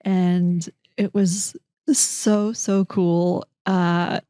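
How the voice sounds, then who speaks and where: A middle-aged woman with a drawl tells her story as an interview guest. Her voice is low and mellow. She slips into the voices of the people she quotes. The recording is dry and close. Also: drawn-out words, clean tone, no echo. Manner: animated, acts out quoted dialogue, frequent restarts. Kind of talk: conversational storytelling.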